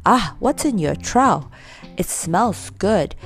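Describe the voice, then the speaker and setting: A woman's voice: mid-range voice, big pitch swings, slow pace, faint music behind. A woman voicing a small, boastful young male pony who speaks eagerly and cheekily.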